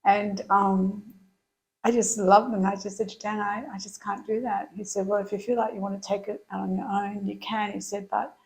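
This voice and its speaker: A middle-aged woman telling her story as an interview guest, chatty and quick to laugh. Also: mid-range voice, flat delivery, poor audio. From Australia.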